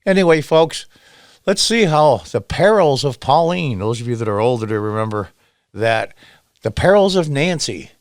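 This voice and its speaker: A middle-aged man from upstate New York hosting solo political commentary in a sarcastic, emphatic, lively way. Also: medium pitch, normal speed, no echo, clean studio sound.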